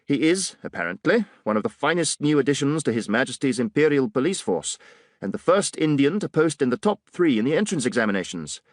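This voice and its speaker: A man's voice: mid-range voice, big pitch swings, a little fast, no echo, clean studio sound, pitched above the performer's own voice, natural voice. A man voicing a pompous, condescending colonial police officer in an audiobook, with a drawling, superior manner. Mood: sneering.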